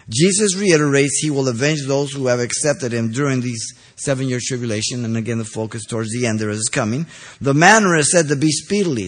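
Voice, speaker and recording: A man preaching an expository sermon, stressing key phrases loudly and then dropping low, pausing to ask listeners if they are following. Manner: asks the congregation checking questions.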